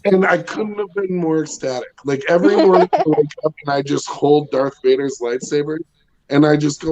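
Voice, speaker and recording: A man in his thirties with a loud, bassy voice, doing a rambling stand-up set from home with lots of ums and chuckles. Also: steady tone, a little fast, low-quality recording. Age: 30s. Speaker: stand-up comedian. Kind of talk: casual stand-up set over video call. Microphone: home video call.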